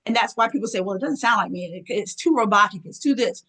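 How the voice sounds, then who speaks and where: A woman presenter running a live online workshop, lively and folksy, often clearing her throat as she talks to her audience. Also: medium pitch, quick pace, poor audio. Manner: lively, folksy, calls audience girl and y'all.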